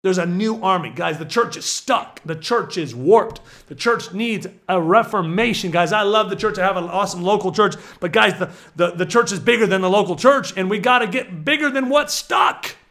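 A man preaching with excitable energy, swinging from low murmurs to shouted exhortations. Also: moderate pace, few pauses.

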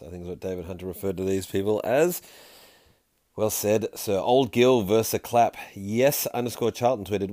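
A man hosting a podcast in a casual, jokey way, reading listener tweets aloud with quick asides. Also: deep voice, warm tone, no echo, studio quality. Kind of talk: casual chat.

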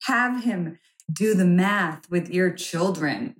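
A woman co-hosting a podcast who answers her partner with quick, teasing remarks. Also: fairly low pitch, lively intonation, low-quality recording. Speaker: podcast co-host. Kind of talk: casual banter.

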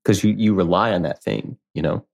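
Very low-voiced man telling a candid story. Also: brisk, vocal fry, darkish tone. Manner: candid, rambling, heavy use of "like", acts out quoted voices. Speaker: podcast guest. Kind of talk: casual personal storytelling.

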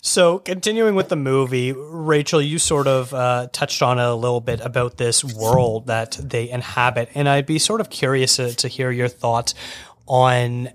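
A man's voice: mid-range voice, steady tone, moderate pace. A man hosting a podcast who thinks aloud with many restarts and laughs easily. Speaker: podcast host. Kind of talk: casual podcast discussion.

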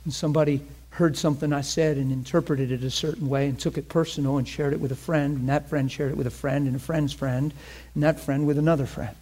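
Guy preaching a sermon, kinda high voice, gets loud then drops real quiet. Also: fairly even intonation, quick pace. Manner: impassioned preaching, swings between loud and hushed. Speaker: pastor.

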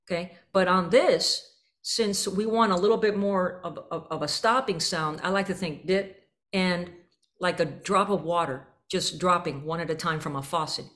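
A woman's voice: fairly low pitch, fairly even intonation, moderate pace, fairly bright tone. A woman leading a band rehearsal, explaining articulations through vivid images and singing syllables to demonstrate. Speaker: band clinician. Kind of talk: rehearsal instruction to a student band.

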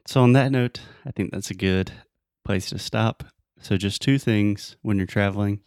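A man's voice: lowish voice, normal speed, darkish tone, dry recording, clean studio sound. A man with a Southern American accent, hosting a podcast and giving upbeat, step-by-step advice to learners. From Southern United States. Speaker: podcast host and English teacher. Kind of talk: casual podcast chat.

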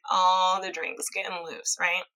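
Woman podcast host, bright tone, chatty true-crime storyteller. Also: fairly low pitch, level tone, unhurried, rough recording. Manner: chatty, reads quotes aloud, laughs easily. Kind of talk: casual storytelling chat.

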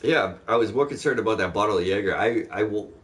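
A man's voice: fairly low pitch, fast, a crowd in the background. A man telling a long story in a casual chat, rambling and swearing, acting out the other people's lines as he goes. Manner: rambling, profane, acts out quoted voices.

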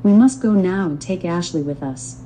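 A woman's voice: on the low side, normal speed, warm tone, a little hiss or hum, natural voice, rough recording. A woman voicing a curt young female social worker, formal and clipped in her speech.

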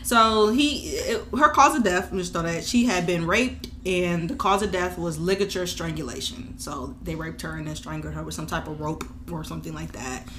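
A woman's voice: lowish voice, moderate pace, hardly any pauses, bright, forceful tone, slight background noise. A woman co-hosting a true crime podcast, retelling a case in loose, slangy, casual chat and laughing often.

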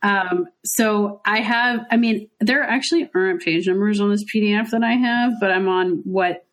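A woman guest on an academic podcast, enthusiastically reading passages aloud and adding quick asides. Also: medium pitch. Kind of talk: casual academic discussion.

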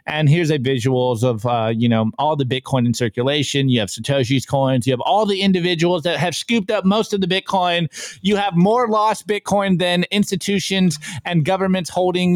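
A man's voice: sits high, moderate pace, dry recording. A man hosting a live show in a casual, upbeat way, reading out posts and chatting about them with the odd laugh. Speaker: podcast host reviewing memes. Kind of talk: casual live-stream chat.

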